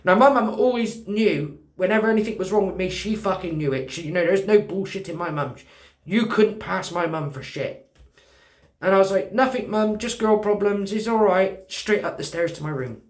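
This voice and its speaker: A man's voice: high voice, normal speed, reverberant. A man with a British accent telling a personal story in casual talk, acting out the dialogue and swearing freely. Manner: animated, swearing, acts out dialogue.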